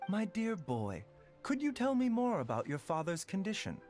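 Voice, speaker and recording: A silky, courteous doctor. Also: male voice, high voice, wildly swooping pitch, moderate pace, a little mellow, soft background music. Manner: smooth, overly polite, sounds sarcastic. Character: calm, courteous male pharmacist doctor. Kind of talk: video game voice acting.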